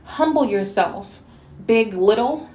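A woman's voice: on the high side, expressive, slow pace, dark tone, roomy sound. A woman from New York City delivering a scolding, sassy rant in a response video. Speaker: YouTube commentator.

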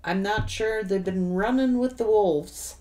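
Slow-talking woman reading tarot cards. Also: medium pitch, dark tone. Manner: drawn-out, exclaiming, talks straight to the viewer. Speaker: tarot reader. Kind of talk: tarot reading for a general audience.

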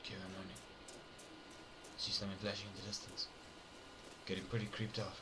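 A man's voice: low-pitched, completely flat delivery, moderate pace, background noise. A young man playing a horror game and commenting for viewers, joking, muttering and yelping when startled. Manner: jokey, jumpy, talks to viewers, swings between mutters and yelps. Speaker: gameplay commentator.

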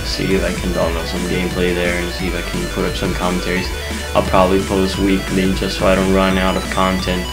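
A man's voice: deep voice, poor audio. A young man venting in a casual vlog rant to his viewers, angry, rambling and swearing a lot. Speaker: YouTube gamer venting to viewers.

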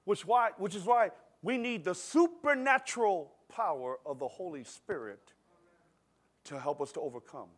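A middle-aged man preaching a sermon in a church service, telling a personal story in a conversational, animated way and swinging between quiet and loud. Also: high-pitched, moderate pace. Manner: animated, conversational, acts out scenes with shifting loudness. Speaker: pastor.

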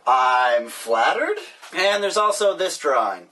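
A man's voice: fairly high pitch, very animated, slow, pushed and bright, husky. Wry rambling man opening mail. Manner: sarcastic, rambling, joking. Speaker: vlogger. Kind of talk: casual mail-opening vlog. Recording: distant mic, faint hiss.

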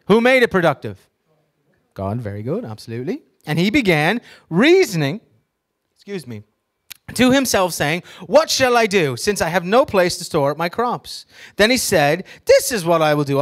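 Guy preaching, kinda high voice, reads scripture with punch and keeps quizzing the room. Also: a bit bright. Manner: teaching by asking the audience questions, reading scripture with emphasis; joking asides with laughs. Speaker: pastor. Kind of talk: sermon.

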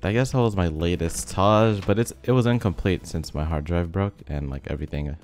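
A young man giving relaxed, rambling commentary over a game, his voice a bit rough from being sick. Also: low voice, fairly quick. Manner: rambling, filler-heavy, laid-back. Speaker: gaming video host. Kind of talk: casual commentary over gameplay. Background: faint background music.

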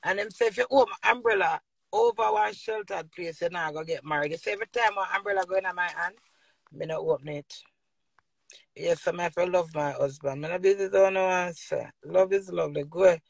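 A woman's voice: on the low side, a little fast, creaky, husky, no room sound. A middle-aged woman from Jamaica with a Jamaican accent, ranting boisterously to her viewers in patois and laughing often. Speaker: vlogger. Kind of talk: casual rambling rant to viewers.

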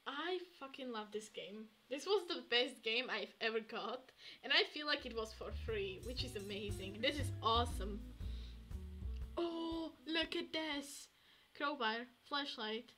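Slow-talking bright-voiced woman streamer. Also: a little high, faint music behind. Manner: chatty, talks to herself, swings from hushed to excited. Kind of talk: casual gameplay commentary.

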